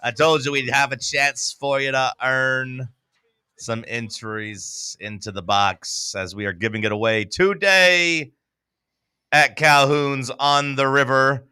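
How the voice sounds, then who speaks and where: A man's voice: mid-range voice, slow pace, bright, forceful tone, smooth, no echo. A man hosting a sports radio show in a studio, joking and laughing with his co-hosts. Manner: playful, laughing. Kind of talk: casual studio banter.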